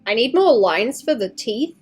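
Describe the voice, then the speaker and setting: Husky-voiced woman thinking aloud while drawing. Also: a little high, lively intonation, a little slow, faint music behind. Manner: rambling, thinking aloud, playful sound effects. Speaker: artist streaming her drawing. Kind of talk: casual livestream commentary while drawing.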